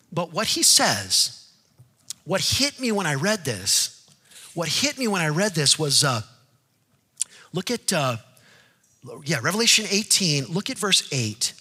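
A male pastor preaching a sermon in a conversational way, moving from hushed, quiet asides to loud, fervent declarations. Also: on the high side, sing-song, measured pace, slightly rough, big-room sound. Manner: conversational, with restarts and "like" fillers.

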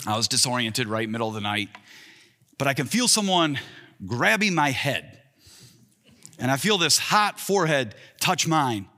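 A man's voice: mid-range voice, sharp tone. A man in his thirties preaching an earnest sermon as a pastor, voicing the quoted lines with more lift. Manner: earnest, rising for acted-out quotes. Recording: long reverb in a large hall.

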